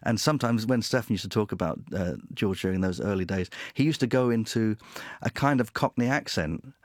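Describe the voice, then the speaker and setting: A man's voice: on the low side, brisk, no echo, clean studio sound. A man, a musician guest, telling stories in a chatty, reminiscing way. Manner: chatty, reminiscing, laughs often. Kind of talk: anecdotal chat.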